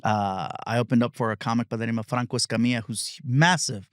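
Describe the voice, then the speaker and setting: A man's voice: medium pitch, steady tone, fast, dry recording. Storytelling comedian man in dry studio. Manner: storytelling, many fillers and restarts, mimics other people. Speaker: comedian guest. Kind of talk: casual interview chat.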